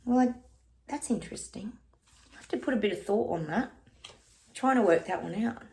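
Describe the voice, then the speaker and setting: Brief: middle-aged Aussie woman, psychic livestream host, rambling chatty delivery, a bit of fry in the voice. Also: mid-range voice, sing-song, moderate pace. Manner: chatty and rambling, addresses viewers as guys. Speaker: psychic reader. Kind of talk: casual livestream chat with tarot readings.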